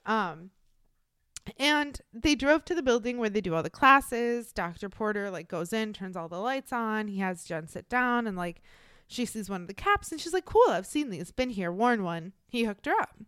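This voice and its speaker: A woman's voice: a little high, animated, moderate pace, sharp tone, smooth, dry recording, clean studio sound. A young woman co-hosting a podcast, telling a true-crime story in casual, blunt, profane talk full of fillers. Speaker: podcast co-host.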